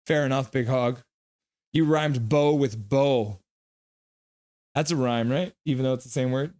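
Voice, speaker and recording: A young man on a live stream, calling hockey play and reading chat aloud with excitable, goofy delivery. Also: mid-range voice, a little slow.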